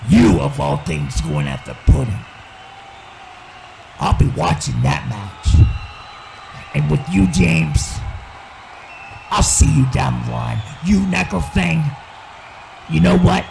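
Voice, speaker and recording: A man playing an angry evil clown wrestler who yells threats and swings between brooding and shouting. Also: on the high side, lively intonation, slow, long pauses, a little hiss or hum, exaggerated voice, rough recording. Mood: threatening. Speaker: wrestling promo character. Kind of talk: wrestling promo. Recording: music playing clearly behind.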